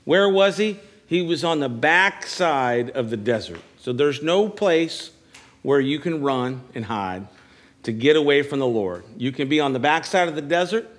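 Male pastor, fairly high voice, preaching to a congregation; repeats phrases, stammers a little on restarts. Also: lively intonation, moderate pace. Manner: preaching with call-and-response questions. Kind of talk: sermon. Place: church service.

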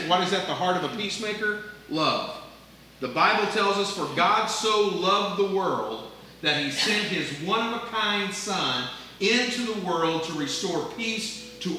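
Older pastor preaching in an echoey hall. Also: male voice, high-pitched, a little hiss or hum. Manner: earnest preaching, swinging between loud emphasis and soft asides. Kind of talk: sermon. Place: church sanctuary. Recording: echoey room, voice from a distance.

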